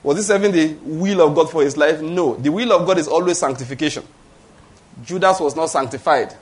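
A middle-aged Nigerian-accented man preaching in a somewhat high voice. He talks to the congregation in an emphatic, conversational way, often stopping to check that they follow him. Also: fairly quick, breathy edge. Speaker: pastor. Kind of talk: sermon.

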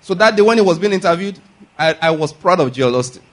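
A man's voice: high-pitched, lively intonation, quick pace. A man preaching a sermon, emphatic, asking rhetorical questions, repeating key lines and calling for the audience to answer. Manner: calls for audience responses.

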